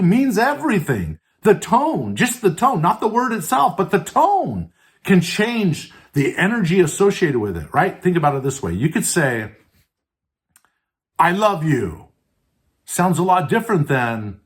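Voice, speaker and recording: A man's voice: mid-range voice, very animated, measured pace. A man hosting a podcast and giving an earnest motivational talk on leadership, asking the listener questions and often adding "right?" and "and so forth". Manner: earnest, stresses words by tone, asks listeners questions; many fillers like "right?" and "and so forth". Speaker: podcast host.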